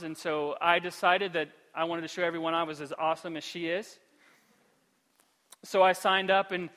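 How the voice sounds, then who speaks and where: A man preaching a sermon as pastor in a church, moving between quiet pleading and loud, lively storytelling. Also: high voice, in a large hall. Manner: shifts from hushed pleading to loud, animated storytelling. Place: church sanctuary.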